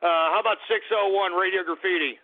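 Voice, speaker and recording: Man, call-in radio host, ranting, swearing, shouting bursts, tinny phone-like sound. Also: high-pitched, quick pace. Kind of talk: angry call-in show rant.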